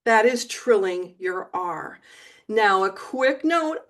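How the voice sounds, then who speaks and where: A woman teaching Spanish pronunciation in a video lesson, speaking clearly and encouragingly. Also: medium pitch. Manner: slow, clear, encouraging, sings syllables.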